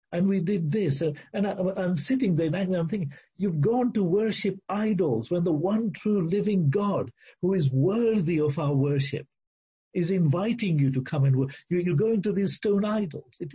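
A man's voice: a little high, dark tone, husky, dull audio. A man preaching a sermon, earnest and exhorting, full of repeated phrases and rhetorical questions.

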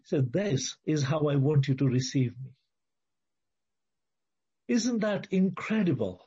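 A man's voice: fairly high pitch, very animated, takes it slowly, pauses often, dark tone, breathy edge. A man preaching an expository sermon, emphatic and repetitive, acting out the quoted speech. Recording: muffled lo-fi recording.

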